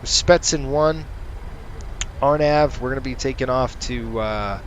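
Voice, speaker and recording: A man's voice: mid-range voice, unhurried, highs cut off, slight background noise. A man casually commenting on a flight simulator session, running through checklist callouts and ranting sarcastically between them. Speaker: flight sim streamer.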